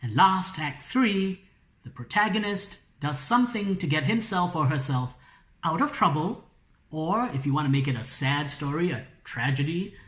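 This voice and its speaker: Woman, author, live workshop talk, lively rises and falls, lowish voice, roomy echo. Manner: slow, lively, explanatory. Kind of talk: live online talk and storybook reading. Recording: echoey room.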